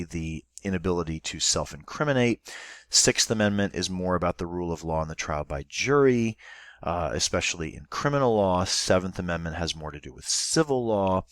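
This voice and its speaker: A man's voice: low voice, no room sound, clean studio sound. A male teacher giving a recorded online class lesson, explaining step by step and thinking aloud as he goes.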